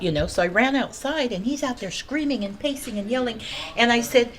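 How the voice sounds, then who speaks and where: An American woman giving an eyewitness account to a reporter outdoors at a street scene, telling her story excitedly and acting out what people said. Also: on the high side, a little fast. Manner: excited storytelling, acts out quotes. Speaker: eyewitness neighbor. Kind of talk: on-scene news interview.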